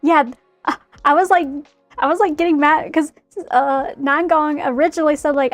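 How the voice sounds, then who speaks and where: A woman's voice: sits high, fairly even intonation, moderate pace, dry recording, soft background music. A young woman chatting casually in a bubbly, rambling way while she paints a figure. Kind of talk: casual chat while crafting.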